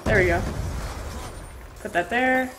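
A woman giving live gameplay commentary, excitable and swearing often, with sudden yelps when in danger. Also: a little high, slow pace, noisy background. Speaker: gaming channel host. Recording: loud game gunfire over voice. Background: game gunfire and explosions.

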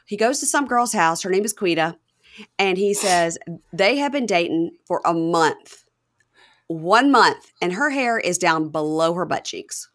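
A woman's voice: on the low side, expressive, measured pace, a bit bright. A woman podcast host chatting casually as she recaps a show, acting out quotes in a raised voice.

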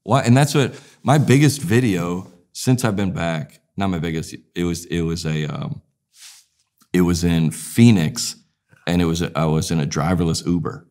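A comedian as interview guest, talking in a rambling, animated way and acting out voices in his stories. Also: sits low, normal speed. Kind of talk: casual interview storytelling.

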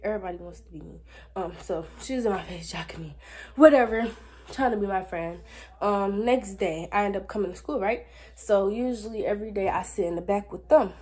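A woman's voice: mid-range voice, fairly quick, husky. Sassy teenage girl telling a story. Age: teens. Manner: animated, sassy, talks straight to viewers. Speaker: vlogger. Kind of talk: casual storytime vlog.

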